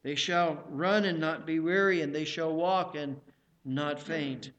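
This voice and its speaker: High-voiced man preaching a sermon. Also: fairly even intonation, a bit bright, highs cut off. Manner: emphatic, repeats phrases, slows and rises on scripture.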